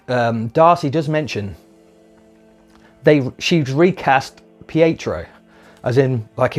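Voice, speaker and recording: A man's voice: mid-range voice, a little mellow. A man giving a chatty, enthusiastic spoken review, swearing casually and briefly acting out lines in put-on voices. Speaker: video reviewer.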